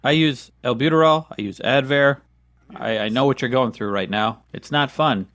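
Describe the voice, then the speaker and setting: A man co-hosts a comedy podcast as the dry, exasperated straight man. His voice sits at a middle pitch. It is recorded close and dry, with no echo. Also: moderate pace, a bit bright. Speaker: podcast co-host. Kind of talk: comedic banter.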